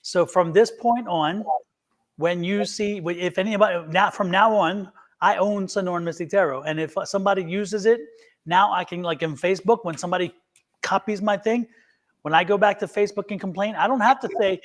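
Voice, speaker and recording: A man's voice: high-pitched, normal speed. A man hosting a live tarot stream, telling a long story in a rambling way and acting out both sides of a phone call. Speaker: tarot reader, show host.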